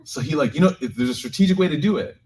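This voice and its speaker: This imam's voice is fairly high, set against a noisy background. He animatedly jokes his way through a story for a live community group in their gathering room, then eases into a slow closing prayer.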